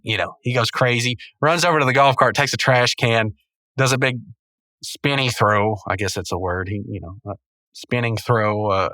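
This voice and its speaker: A man's voice: fairly low pitch, bright, forceful tone, dry recording. A man hosting a podcast, casually recapping a cartoon in a rambling, self-correcting way with chuckles, on a close mic. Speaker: podcast host.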